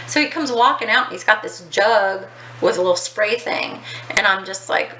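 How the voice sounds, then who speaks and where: A woman's voice: mid-range voice, animated, normal speed, bright, forceful tone. A woman vlogger telling a casual story, chatty and swearing freely, with lots of ums and likes. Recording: echoey with faint outdoor noise.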